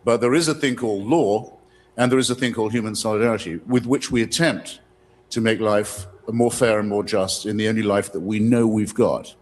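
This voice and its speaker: A man's voice: on the low side, fairly even intonation, brisk, a little hiss or hum. A man speaking eloquently and measuredly in a formal public debate, answering a question. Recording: reverberant debate hall.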